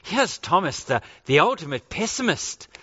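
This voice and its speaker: A middle-aged male pastor preaching a sermon, emphatic and slowing down to stress key phrases. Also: on the high side, very animated, bright, forceful tone, breathy edge. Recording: reverberant hall, dull lo-fi sound.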